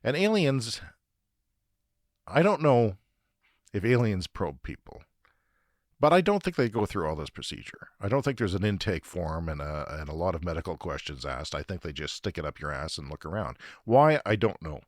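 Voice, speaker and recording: Canadian male podcast host, comic monologue, swears freely, lively pitch, dry sound. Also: normal speed, no echo. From Saskatchewan, Canada. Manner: profane, ranting, self-deprecating. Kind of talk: comedic storytelling monologue.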